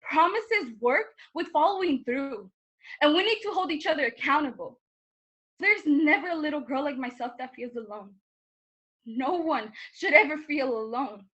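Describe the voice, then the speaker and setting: A woman's voice: sits high, animated, moderate pace, a bit bright, dull audio. A young woman performing an earnest, impassioned monologue over a video call, with pointed questions to her listeners. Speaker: student performer. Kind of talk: spoken-word monologue.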